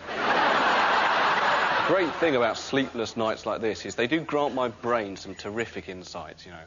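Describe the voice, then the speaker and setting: A man's voice: lowish voice, animated, a little slow. A man doing a wry, rambling comic monologue in front of a laughing audience. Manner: rambling, wry confessional delivery. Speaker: sketch comedian. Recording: dull recording with loud noise.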